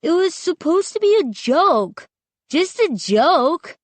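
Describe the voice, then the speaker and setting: A woman voicing a frightened boy who cries out in a high, urgent voice. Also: big pitch swings, slow, no room sound, full character voice. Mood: panicked. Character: panicked boy, scared and breathless.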